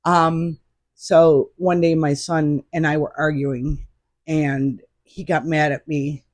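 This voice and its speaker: A middle-aged woman, a podcast guest, telling a personal story in an animated, emphatic way. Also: low voice, slow pace, no room sound.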